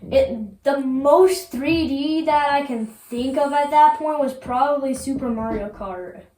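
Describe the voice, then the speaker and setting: High-voiced woman, echoey and off-mic. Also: a little slow, mellow, far from the mic. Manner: brief interjections and fact-checks. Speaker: podcast co-host. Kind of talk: casual movie discussion.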